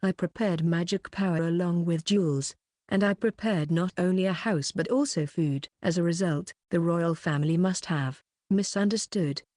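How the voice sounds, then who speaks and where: A woman narrating a fantasy light novel audiobook, reading the dialogue in an even, unhurried way without distinct voices. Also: on the low side, no echo, studio quality.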